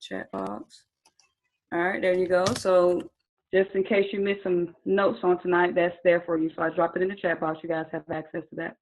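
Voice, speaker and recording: A woman's voice: lowish voice, flat delivery, moderate pace, darkish tone. A woman from Atlanta with a Southern accent, teaching trading in a live online webinar in a chatty, upbeat, encouraging way and speaking straight to her viewers over a video call. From Atlanta, Georgia. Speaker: trading instructor.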